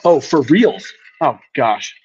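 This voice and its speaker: A man leads an online workshop in a hoarse, tired voice that sits fairly high. He keeps things upbeat and chatty with small jokes. The call audio sounds dull and lo-fi. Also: big pitch swings, slow pace, a little hiss or hum. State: hoarse, voice worn out from talking all day. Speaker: workshop host. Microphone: video call.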